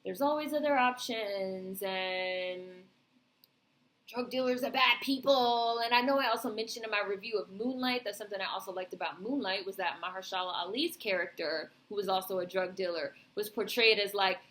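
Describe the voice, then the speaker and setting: A woman's voice: medium pitch, bright, forceful tone. A woman vlogger giving a casual, rambling film review, heavy on fillers and swearing.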